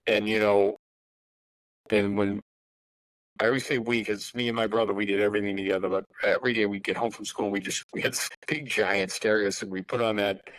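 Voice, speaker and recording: A man's voice: fairly low pitch, steady tone, a little fast, fairly bright tone, no echo, poor audio. A man in his sixties, a guest musician in a casual podcast interview, telling rambling anecdotes full of asides.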